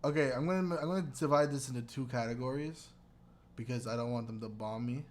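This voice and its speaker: A man's voice: medium pitch, fast talker. A man co-hosting a casual podcast chat, rambling and joking with frequent laughter, talking into a computer mic. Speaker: podcast co-host. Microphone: computer mic with webcam.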